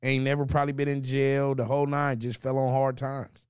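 A young man co-hosting a podcast, telling stories in loose casual banter and slipping into quick impressions. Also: medium pitch, level tone, smooth, no room sound, studio quality. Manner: loose storytelling, jumps into impressions. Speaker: podcast co-host.

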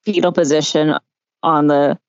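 Relaxed woman host on a video call. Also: low voice, a little slow, clear, resonant tone, dry recording, lo-fi sound. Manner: relaxed, many fillers. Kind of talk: casual online chat.

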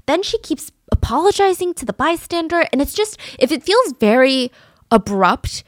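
A woman's voice: sits high, very animated, moderate pace, no room sound, studio quality. A woman hosting a true-crime podcast, narrating earnestly and describing a recorded argument. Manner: earnest and descriptive, reads out quotes from audio.

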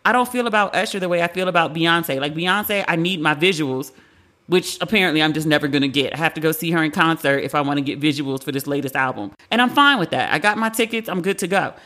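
A woman in her forties with a bright, sharp tone, talking casually as a show host. She is candid and chatty, swears freely and slips into the voices of the people she quotes. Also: low voice, quick pace. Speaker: podcast host. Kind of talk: casual pop-culture commentary.

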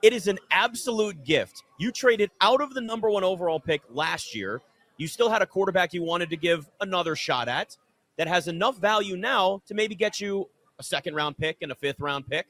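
A man with a somewhat high voice talks sports on the radio. He is emphatic and hammers his points by repeating them. His delivery is that of a seasoned talk show regular. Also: lively intonation, normal speed, a bit bright. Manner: emphatic, builds arguments with repetition.

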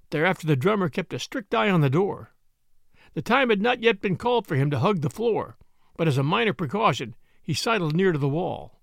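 A man reading a story aloud in an expressive, varied narration. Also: on the high side, brisk, gravelly, no room sound, clean studio sound.

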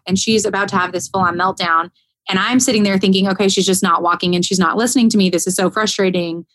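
A woman in casual podcast conversation, telling a story in an animated way and laughing often. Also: medium pitch, fast, dry recording. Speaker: caregiver.

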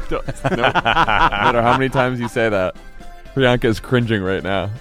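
A man's voice: mid-range voice, moderate pace, a bit bright, faint music behind. A man hosting a podcast, wrapping up the episode with an upbeat, joking sign-off. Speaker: podcast host. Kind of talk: casual podcast outro.

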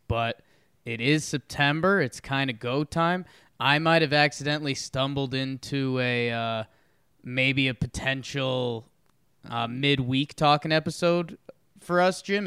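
Easygoing rambling co-host, smooth voice. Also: male voice, mid-range voice, fairly bright tone, dry recording, clean studio sound. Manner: easygoing, rambling, quick to laugh. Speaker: podcast co-host. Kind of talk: casual sports chat.

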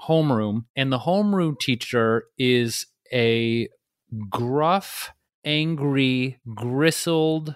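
A man in his forties co-hosts a podcast, spinning comic stories with lots of fillers and animated delivery. His voice sits mid-range, and the sound is dry and close. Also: medium pitch, very slow, clear, resonant tone, no room sound. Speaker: podcast co-host. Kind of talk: casual comedic storytelling.

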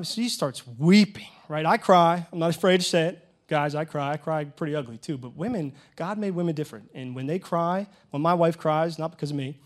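A man in his thirties preaching a sermon, telling funny personal stories and talking straight to his congregation. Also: on the high side. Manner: lively storytelling with humor and asides to the congregation. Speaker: pastor.

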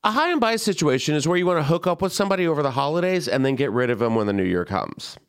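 A young man hosting a podcast, telling a story in an animated, chatty way and acting out the voices of people he quotes. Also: fairly high pitch, clean tone. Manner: animated, quick asides, acts out quoted voices. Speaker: podcast host. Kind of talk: casual storytelling chat.

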